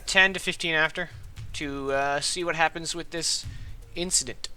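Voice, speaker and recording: A man's voice: on the high side, fairly even intonation, normal speed, pushed and bright, faint music behind. A man running a tabletop game as game master, narrating casually with fillers and restarts.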